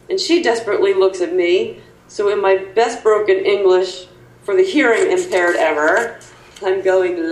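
A woman recounts a comic personal anecdote with animated, playful delivery. Her pitch sits in the middle range, and the recording has a noticeable roomy echo. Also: normal speed. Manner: animated, playful, jumps high for quoted voices. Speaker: storyteller.

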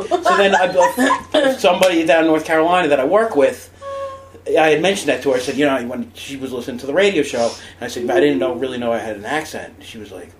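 A man's voice: a little high, animated, fast talker, a little hiss or hum. A man with a New Jersey accent co-hosting a radio show, rambling through self-deprecating stories and laughing as he goes. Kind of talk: casual chat.

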